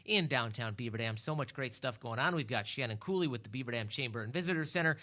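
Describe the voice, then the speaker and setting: A man's voice: medium pitch, lively intonation, quick pace, pushed and bright. A man hosting a local radio talk show, reading sponsors and introducing guests. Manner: upbeat, reading sponsor credits. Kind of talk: radio host chat.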